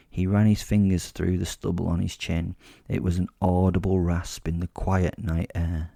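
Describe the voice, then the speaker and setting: A man narrating a first-person audio drama in a menacing, deliberate way. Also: deep voice, flat delivery, vocal fry, warm tone, dry recording, studio quality.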